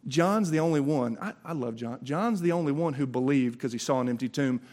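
A man's voice: medium pitch, lively intonation, a little fast, a little mellow. A man with a Southern US accent preaching an Easter sermon, impassioned and conversational, often restarting his words. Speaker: pastor.

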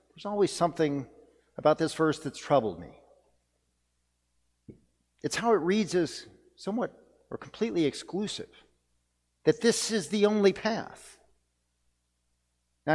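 A man delivering a sermon as pastor, earnest and reflective, repeating key phrases for emphasis. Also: fairly high pitch. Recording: long reverb of a church hall.

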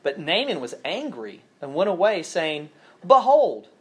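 A man's voice: a little high, big pitch swings, normal speed, fairly bright tone, slightly rough. A man from southern Alabama with a faded Southern accent, giving a chatty, informal sermon as a campus minister and reading scripture aloud. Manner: chatty, self-deprecating, many fillers.

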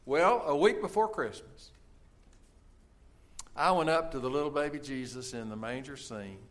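Innocent young boy quoted by a male pastor in a sermon, soft and slow. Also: on the high side, natural voice. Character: innocent young boy pleading to baby Jesus.

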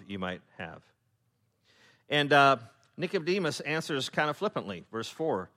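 A man preaching in a relaxed, off-the-cuff way, with lots of fillers and restarts. He jokes as he goes and slips into character voices for the people he quotes. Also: medium pitch, moderate pace. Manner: humorous, acts out quoted voices; loose, with many fillers and restarts. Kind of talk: conversational Bible teaching.

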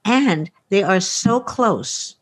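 A woman's voice: medium pitch, animated, very slow, no room sound. Chatty woman telling stories, dry sound. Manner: chatty, acts out quoted dialogue, many fillers. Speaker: guest, futurist. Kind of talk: casual storytelling interview.

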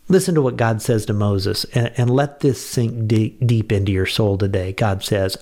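A man's voice: medium pitch, normal speed, hardly any pauses, darkish tone. Earnest male radio preacher. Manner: earnest, conversational, with bursts of enthusiasm. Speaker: pastor. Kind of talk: devotional radio message.

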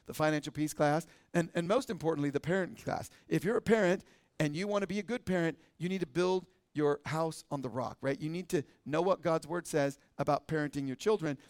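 A man's voice: on the high side, dry recording, studio quality. A middle-aged man with an American accent preaching a sermon as pastor, talking in a conversational way and often checking with "right?".

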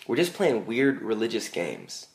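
A young man preaching a sermon to a church congregation in a conversational way, with frequent "like" and quick restarts, telling self-deprecating stories. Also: fairly low pitch, wildly swooping pitch, creaky. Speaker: pastor.

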